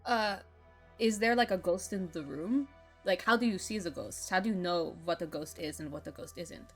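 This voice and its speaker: A woman's voice: on the low side, normal speed, soft background music, close to an everyday voice. Woman playing hesitant, awkward man; stumbling delivery. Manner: hesitant, many uh's.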